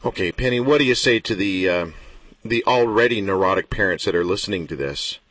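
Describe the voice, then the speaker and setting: A male host with a low, husky voice asks long, conversational questions. He sounds a little distant from the microphone, in a dry space. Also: fairly bright tone, no room sound. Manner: brisk, conversational, rambling questions. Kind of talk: interview questions. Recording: voice from far off the mic.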